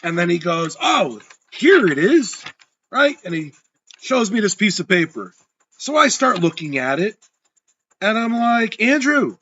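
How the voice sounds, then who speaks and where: A man's voice: sits high, pushed and bright, breathy edge, highs cut off. A man hosting a real estate podcast, telling a story as a monologue and acting out both sides of a heated argument.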